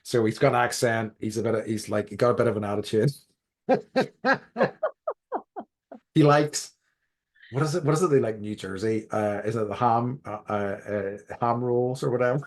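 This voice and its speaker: A man's voice: mid-range voice, normal speed, long pauses. Irish male podcast co-host, casual, hesitant, chatty. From Ireland. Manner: rambling, hesitant, many restarts and fillers. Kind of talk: casual chat.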